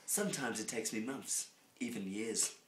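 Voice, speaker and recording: A man doing a rambling, absurd mock story reading, swinging from muttering to loud outbursts. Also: fairly low pitch, moderate pace. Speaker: comic storyteller. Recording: echoey room with faint noise.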